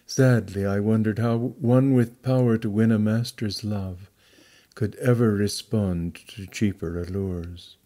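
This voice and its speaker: Male audiobook reader; low, warm tone, measured and deliberate. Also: steady tone. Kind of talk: scripted narration of a memoir.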